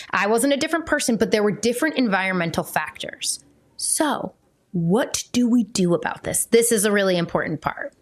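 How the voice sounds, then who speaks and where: A woman hosting a parenting podcast, talking in a chatty, candid way with fillers and self-corrections. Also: mid-range voice. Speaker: podcast host and parenting coach.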